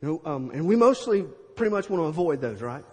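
Middle-aged male preacher, high husky voice, lively storyteller, echoing hall. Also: fast talker. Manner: animated, acts out scenes with sound effects. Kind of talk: storytelling sermon.

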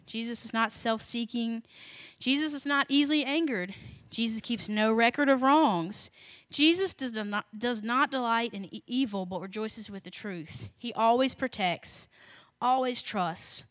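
In a bright, lively voice that sits on the high side, a woman shares a conversational devotional message at a slightly slow pace. She repeats key phrases for emphasis and slips in casual, self-deprecating asides, recorded in studio quality with no room sound.

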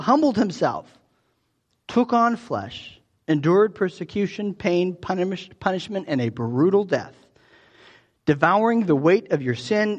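A man preaching a sermon in a conversational way, often restarting his phrases. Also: fairly high pitch. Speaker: pastor.

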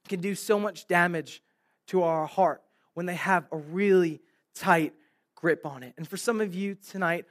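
A man's voice: high voice, fairly bright tone. A young adult man preaching a sermon to a room, telling a story and acting out the dialogue. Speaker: pastor. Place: room with live audience.

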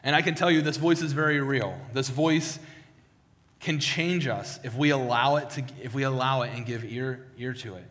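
A man preaches in a church sanctuary, his voice trailing off into a long hall reverb. He speaks at an ordinary middle pitch for a man. His delivery is conversational and full of restarts, with words repeated as he works toward a point. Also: normal speed, fairly bright tone. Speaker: pastor. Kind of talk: sermon with personal testimony.

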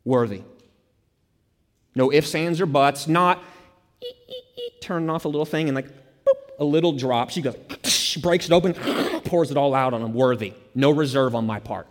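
Man preaching, fairly high voice, emphatic and repetitive, long hall echo. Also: moderate pace. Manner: emphatic, repeats key phrases, drops to soft low tones for stress. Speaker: pastor. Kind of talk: sermon.

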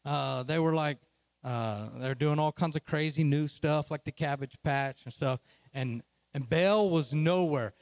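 A man preaching a sermon as a lively, casual, slangy retelling of a story. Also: on the high side, unhurried, no room sound.

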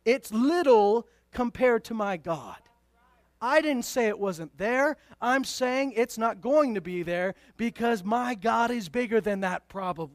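A male pastor preaching a sermon, emphatic and conversational, moving from loud declarations to hushed asides with playful remarks. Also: very high voice, animated, measured pace, dry recording.

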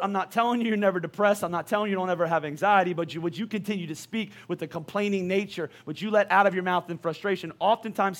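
Guy preaching a sermon, pretty high voice, chatty and lively, asks the crowd lots of questions. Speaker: pastor.

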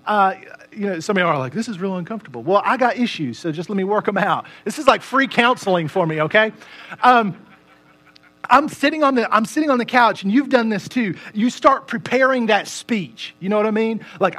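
High-voiced joking pastor. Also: male voice, expressive, a little fast, pushed and bright. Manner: conversational, self-deprecating and joking. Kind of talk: sermon.

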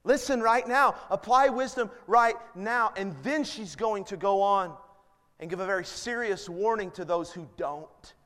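Man, pastor, sermon, high voice, earnest, emphatic, long reverb. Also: measured pace, a bit bright. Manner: earnest, rising to emphatic appeals.

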